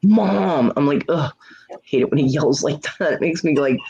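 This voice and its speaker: A middle-aged woman hosting a casual livestream chat, telling a story with lots of swearing and jumping into high voices for quotes while greeting viewers. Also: quick pace. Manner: profane, animated storytelling with leaping voices for quotes. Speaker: livestream host. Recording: muffled lo-fi stream audio.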